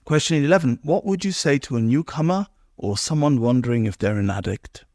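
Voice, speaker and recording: A man's voice: mid-range voice, expressive, brisk, a little mellow, no echo, studio quality. A man hosting a podcast, chatting casually and animatedly with his guest. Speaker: podcast host. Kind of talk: casual interview chat.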